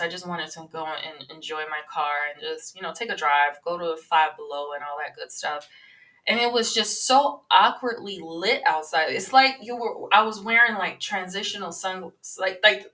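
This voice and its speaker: A woman in her twenties chats her way through celebrity news on her podcast, rambling loosely and filling pauses with plenty of ums. Her voice is bright and sharp. She sits a little back from the microphone, so the sound is slightly distant. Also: fairly low pitch. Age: 20s. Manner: rambling, chatty, many filler sounds. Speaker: podcast host. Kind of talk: casual celebrity-news monologue.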